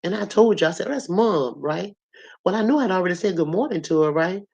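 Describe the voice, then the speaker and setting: A hoarse woman with a cough, telling a story to her audience in a blunt, colorful, animated way. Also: lowish voice, rapid-fire. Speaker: host.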